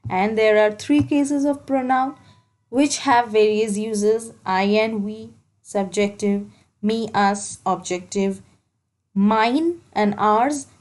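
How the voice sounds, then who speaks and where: Slow and darkish in tone, a woman's mid-range voice carries an English grammar lesson aimed at exams. She explains each step and repeats the key ideas, captured on a low-quality recording.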